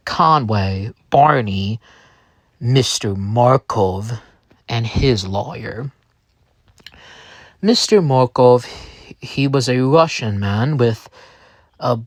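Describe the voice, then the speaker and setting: A man's voice: medium pitch, dry recording. A man telling a first-person story in character, rambling with many restarts and fillers.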